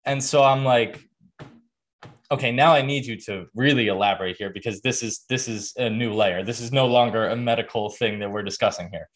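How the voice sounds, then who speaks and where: A man's voice: mid-range voice, steady tone, fairly quick. A young adult man hosting a podcast, telling a story in a casual, earnest way with lots of fillers and restarts. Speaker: podcast host.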